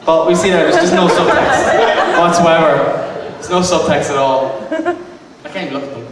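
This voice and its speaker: A man's voice: a little high, normal speed, a loud crowd. A man giving a comic lecture to a live audience, hesitant and self-mocking, full of ums and restarts. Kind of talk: stand-up style comic lecture. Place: arts centre venue with live audience. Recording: echoey hall recorded from far off, noisy.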